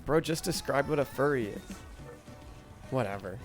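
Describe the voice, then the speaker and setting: A man's voice: medium pitch, expressive, normal speed, long pauses, soft background music. A man streaming a game, rambling and joking with chat in crude casual talk, often stammering.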